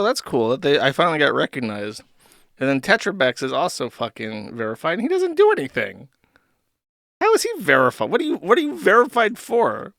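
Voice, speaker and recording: A man's voice: medium pitch, gravelly, fairly bright tone, dry recording, studio quality. A man hosting a live stream, reading posts aloud and commenting sarcastically, with frequent laughs.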